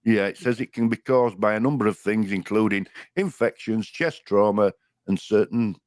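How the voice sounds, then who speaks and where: A man's voice: on the low side, normal speed, a little mellow, no room sound, studio quality. An older man with a Yorkshire accent, co-hosting a casual live stream, reading out viewer comments and joking. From Yorkshire, England. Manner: chatty, reads viewer comments aloud, jokey.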